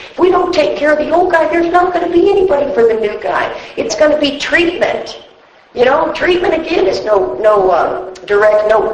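A woman speaking at a recovery meeting, telling her story in a blunt, profane and rambling way to a room full of people. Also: lowish voice. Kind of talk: personal testimony talk. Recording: echoey room with faint noise.

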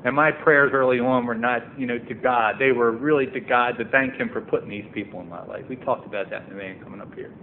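A medium-pitched man talks quickly with fairly even intonation and hardly any pauses, sharing his recovery story in a meeting room. Earnest, he works up to emphatic, impassioned passages; the recording is tinny, phone-like, with faint noise.

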